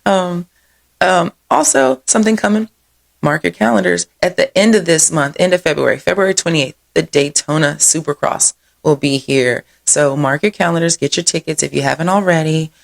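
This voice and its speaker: Low, gravelly-voiced chatty woman host. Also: moderate pace. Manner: rambling, digressive storytelling; says "y'all" often. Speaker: host of a local events show. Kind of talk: casual chatty event rundown.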